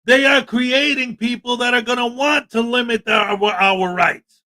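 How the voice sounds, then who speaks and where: A man's voice: very high voice, fairly even intonation, moderate pace, pushed and bright. A man hosting a livestream, talking in an indignant, emphatic rant and reading out chat. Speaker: livestream host. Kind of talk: livestream commentary.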